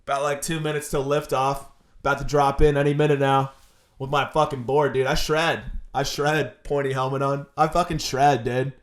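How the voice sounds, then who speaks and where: A man's voice: mid-range voice, flat delivery, moderate pace. A young man hosting a podcast, delivering a crude, sarcastic, rambling comedic monologue. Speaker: podcast host.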